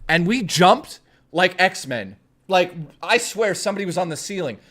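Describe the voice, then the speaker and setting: A man with a somewhat high-pitched voice tells a story to his live stream chat. He is blunt and profane and keeps turning to his viewers as he talks. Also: animated, moderate pace, bright, forceful tone.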